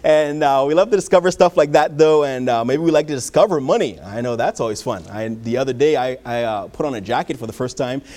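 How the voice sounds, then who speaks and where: A man's voice: mid-range voice, fast talker, hardly any pauses, a little mellow. A male pastor preaching a sermon in a church, telling folksy stories with many fillers.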